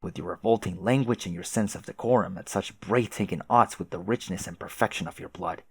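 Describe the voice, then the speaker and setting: A man voicing a haughty, prim young male troll aristocrat who speaks formally and quietly with contempt. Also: deep voice, fairly quick, husky, dry recording.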